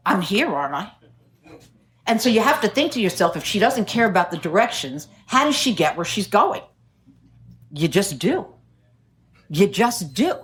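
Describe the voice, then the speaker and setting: A woman's voice: medium pitch, big pitch swings, normal speed, long pauses. Wry New woman sharing. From New York City. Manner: wry, self-mocking storyteller, laughs often. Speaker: AA speaker. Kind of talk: recovery meeting share.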